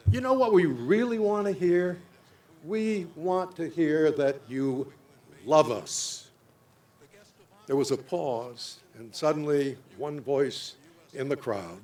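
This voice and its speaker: An older man giving a formal memorial dedication speech, telling stories slowly and solemnly with deliberate pauses. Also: a little high.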